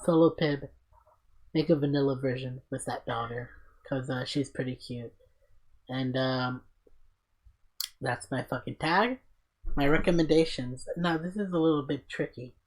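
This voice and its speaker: A man hosting a casual podcast, telling stories in an excited, profane, rambling way. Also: mid-range voice, unhurried, pauses often. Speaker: podcast host.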